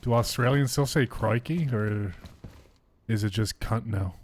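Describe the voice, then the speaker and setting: A man's voice: lowish voice, unhurried, slight background noise. A man streaming a game live, chatting casually and greeting viewers in chat.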